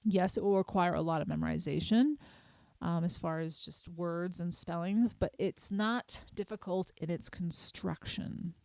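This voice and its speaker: A middle-aged woman, hosting a podcast and patiently explaining a small language lesson, spelling words out slowly. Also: fairly low pitch, a little mellow, dry recording. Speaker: podcast host.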